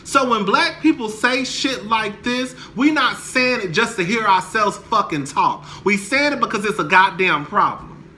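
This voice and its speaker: A young man rants about a reality show, heated and emphatic, swearing freely. His voice is bright and forceful and sits a little high. A faint hiss runs under the recording. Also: a little slow. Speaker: commentator. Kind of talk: angry reality TV rant to camera.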